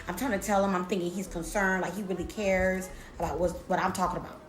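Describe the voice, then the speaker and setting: A woman's voice: lowish voice, steady tone, fast talker. A young woman telling a storytime to her viewers in a casual, slangy, profane way, often repeating herself. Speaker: storytime vlogger. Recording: roomy echo with faint music.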